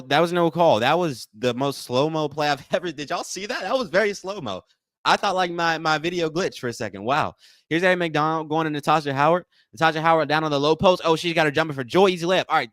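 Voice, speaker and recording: A man's voice: on the high side, a bit bright, no room sound. Man in a dry, close casual game commentary. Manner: repetitive, addresses chat as y'all, thanks donors. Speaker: livestream host. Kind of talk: casual live play-by-play watch-along commentary.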